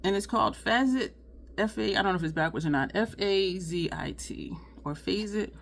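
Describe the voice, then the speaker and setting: A woman talks through a makeup tutorial in a loose, rambling way. She sighs, apologizes and circles back over the same point with plenty of ums and restarts, at an ordinary mid pitch. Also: moderate pace, creaky. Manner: frustrated, rambling, apologetic, repeats herself; sighs often, many fillers and restarts. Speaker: beauty vlogger. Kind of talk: casual makeup tutorial chat.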